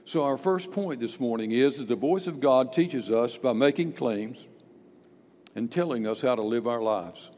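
A man's voice: medium pitch, moderate pace, darkish tone. A male pastor preaching a sermon with emphatic rhetorical questions. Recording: long hall reverb.

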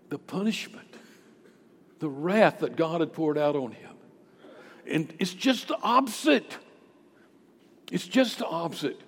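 A male preacher with a high, very lively voice gives a slow, deliberate sermon. His delivery is impassioned, swinging between hushed passages and loud, ringing lines, all carried by the long echo of a large hall. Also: breathy edge. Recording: echoey hall with long reverb.

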